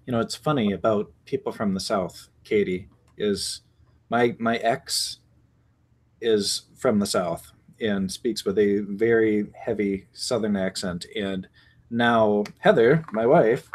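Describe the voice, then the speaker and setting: A man's voice: lowish voice, slow pace. A man hosting a casual writing show, chatting in a loose, rambling way. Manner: chatty, rambling, laughs easily. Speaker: podcast host. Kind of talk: casual chat.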